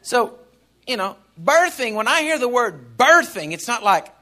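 Older man, preaching, high bright voice, jokes then shouts. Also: big pitch swings, measured pace. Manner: humorous, swings from soft asides to shouts. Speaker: pastor. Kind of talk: sermon.

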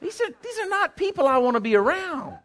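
A preacher in full sermon, his voice riding high and leaping all over its range. He is emphatic and calls out to the congregation, swinging from near-shouts down to hushed asides. The tone is bright and ringing. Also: sing-song, brisk. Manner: emphatic, call-and-response, swings from loud to hushed. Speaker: pastor.

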